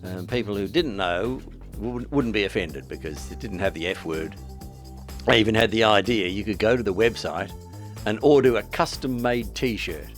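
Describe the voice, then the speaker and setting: Male author, deep-ish voice, casual rambling vlog tone. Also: normal speed, soft background music. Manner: rambling, self-deprecating, wry asides. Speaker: author promoting his book.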